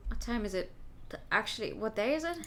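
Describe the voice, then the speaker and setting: A woman's voice: on the high side, expressive, quick pace, a bit bright. A woman voicing a flustered young male lawyer in a game, speaking anxiously. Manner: anxious, panicky.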